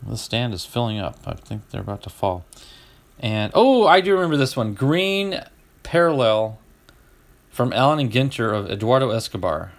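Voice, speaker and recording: Excitable middle-aged man opening cards. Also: medium pitch, normal speed. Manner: excited, exclaims over each card. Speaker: host opening card packs. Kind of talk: casual live-stream chat.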